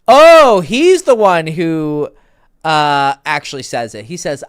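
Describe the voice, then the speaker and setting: A man's voice: on the high side, sing-song, measured pace, smooth, no room sound, studio quality. A man in his thirties, a dating coach, telling a story in a rambling, profane way and often correcting himself. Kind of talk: casual storytelling.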